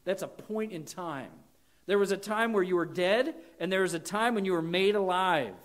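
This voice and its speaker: High-voiced earnest male preacher. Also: moderate pace. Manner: earnest, rises in pitch and volume for emphasis. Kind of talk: sermon.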